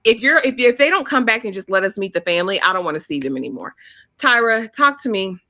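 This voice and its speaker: A woman's voice: medium pitch, sing-song, quick pace, pushed and bright, dry recording, clean studio sound. A woman co-hosting a reality TV review show in casual chat, blunt and scornful as she mocks the cast.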